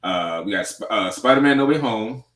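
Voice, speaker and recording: A man hosting a casual movie review chat, speaking in a relaxed, hedging way and often repeating his words. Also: lowish voice, normal speed, roomy sound. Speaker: show host.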